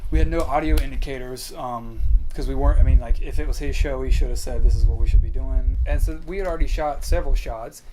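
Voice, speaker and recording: A man's voice: mid-range voice, quick pace, few pauses, background noise. A young man casually recounting a film shoot, rambling with many fillers and restarts. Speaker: crew member recounting a shoot. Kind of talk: casual storytelling chat.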